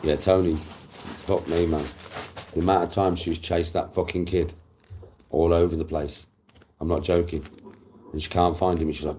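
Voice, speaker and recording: Low mellow-voiced bloke, middle-aged, rambling sweary chat. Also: male voice, fairly even intonation, brisk, a little hiss or hum. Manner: rambling, profane, repeats himself. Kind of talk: casual storytelling chat.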